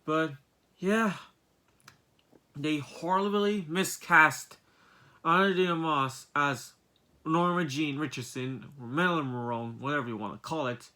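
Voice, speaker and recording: Young man, casual movie review vlog, rambling, repetitive, exasperated rhetorical questions, bright tense voice. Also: a little high, measured pace.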